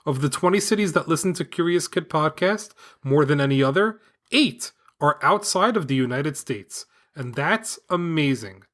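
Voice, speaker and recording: A man hosting a children's podcast with his daughter, reading a script in an upbeat, enthusiastic, clearly paced way. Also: on the high side, animated, normal speed, hardly any pauses, a bit bright. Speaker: podcast host and father. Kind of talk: scripted podcast narration for kids.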